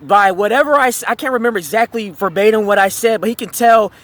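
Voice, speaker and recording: A man's voice: sits high, quick pace, fairly bright tone, no echo. A man telling a storytime tale as a heated, profane rant, rambling with fillers and restarts.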